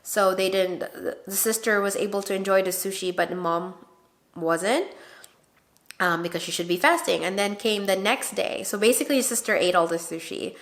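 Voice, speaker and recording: A woman vlogger casually telling a family story, chatty and animated, often acting out quoted dialogue. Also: medium pitch, moderate pace.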